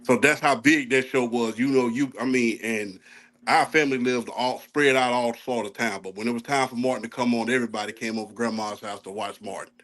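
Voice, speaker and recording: A man from the American South with a mid-pitched voice talks in a relaxed, storytelling way. It is a casual podcast chat among friends. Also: a little fast.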